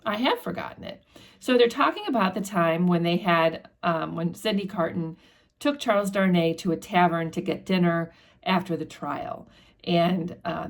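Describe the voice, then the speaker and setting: A woman hosting a book channel, retelling a classic novel in a relaxed, conversational way with fillers and restarts. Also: lowish voice. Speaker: book discussion host. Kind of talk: casual book summary with read quotes.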